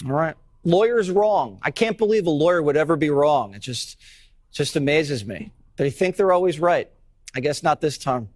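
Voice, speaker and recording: A man's voice: a little high, animated, normal speed, no echo, studio quality. A man interviewing a guest on TV, wry and joking.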